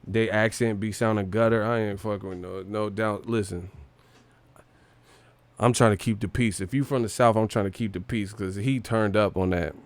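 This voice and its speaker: A man with a lowish voice hosts a boxing show, speaking at a normal speed in a dry recording. His casual sports commentary is loose and slangy, and he's animated, swearing and laughing often.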